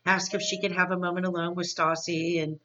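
Woman, podcast host, casual recap, chatty and opinionated, crisp bright tone, somewhat muffled lo-fi recording. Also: on the low side, flat delivery, fairly quick, distant mic. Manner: chatty and opinionated, many fillers.

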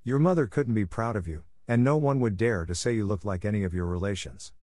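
A man voicing a gentle, hopeful young girl who speaks in an earnest, tender and polite way. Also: lowish voice, brisk, no echo, studio quality, close to an everyday voice. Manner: earnest and tender, softly affectionate.

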